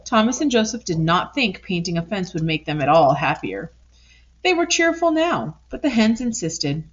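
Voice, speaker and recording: A woman reading a children's picture book aloud in an expressive, lively way. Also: lowish voice, normal speed. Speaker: storybook reader. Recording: dull lo-fi recording.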